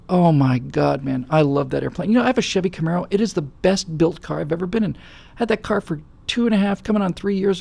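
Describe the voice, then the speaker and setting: Gravelly, husky man chatting casually. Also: on the high side, darkish tone. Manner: rambling storytelling with many fillers. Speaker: show host. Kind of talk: casual talk-show chat.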